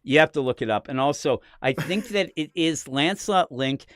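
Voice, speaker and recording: A man's voice: expressive, normal speed, a bit bright, no room sound, clean studio sound. An American man co-hosting a comic-book podcast in casual, jokey chat, sometimes putting on silly voices. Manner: jokey, puts on silly high accent voices. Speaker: podcast co-host. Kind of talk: casual live-stream chat.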